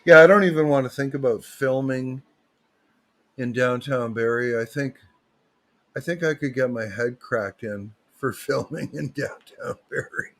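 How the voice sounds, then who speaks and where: A man hosts a livestream, rambling from one topic to the next. His talk is loose and joking, with plenty of restarts. He speaks at a medium pitch into a desk mic. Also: measured pace. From Canada. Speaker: livestream host.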